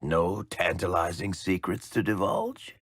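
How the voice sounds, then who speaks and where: A man's voice: low voice, a little slow, a bit bright, slightly rough, dry recording, studio quality, exaggerated voice. An actor playing a wry, teasing middle-aged male dwarf storyteller in sarcastic video game companion banter.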